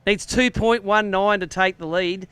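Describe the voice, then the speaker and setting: A man's voice: sits high, fairly even intonation, moderate pace, fairly bright tone, clean tone, dry recording. An Australian man emceeing a live fishing weigh-in outdoors by a lake, with jokey, upbeat banter. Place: outdoor lakeside weigh-in stage.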